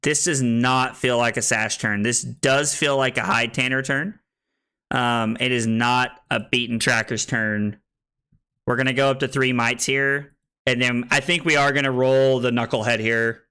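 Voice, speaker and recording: With a clean, medium-pitched voice and an unhurried pace, a man gives casual commentary to his chat during a card game stream. He muses aloud over his plays, stays chatty, and turns excitable on a win.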